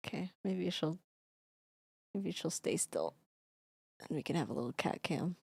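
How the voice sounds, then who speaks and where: Woman streamer at a desk mic; slow, affectionate pet talk with casual swearing; vocal fry, dry close sound. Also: fairly low pitch, lively intonation, darkish tone, no room sound. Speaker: streamer and singer. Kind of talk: casual live-stream chat. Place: home recording setup with sound foam.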